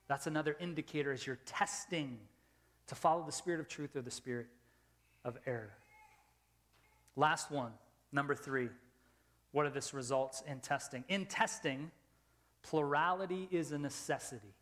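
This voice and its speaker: A middle-aged man preaching a sermon as pastor, emphatic, moving between loud rising questions and soft low asides. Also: lively intonation, normal speed. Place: church sanctuary. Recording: long reverb of a large hall.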